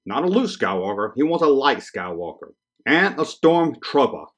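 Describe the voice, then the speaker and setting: A man's voice: medium pitch, very animated, normal speed, a bit bright. A man hosting a podcast, reading children's letters aloud in a casual, joking way with teasing asides. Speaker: podcast host.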